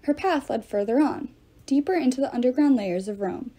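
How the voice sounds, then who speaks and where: A woman reading a novel aloud with expressive storytelling. Her voice sits fairly high and moves a lot, with a mellow, soft tone. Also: brisk, husky. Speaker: audiobook reader.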